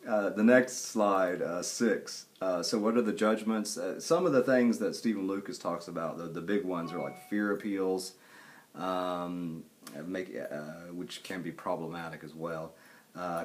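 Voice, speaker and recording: A man giving a casual classroom lecture, rambling and halting through his points and joking with the students. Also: sits low. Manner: rambling, halting, with many fillers and restarts. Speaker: college lecturer.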